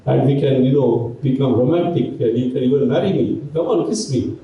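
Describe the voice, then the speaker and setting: A man's voice: mid-range voice, fairly quick, muffled recording, lightly acted. A man voicing an insistent talking frog, female, who claims to be a princess, in a raised, coaxing voice. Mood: impatient. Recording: echoey hall from far off.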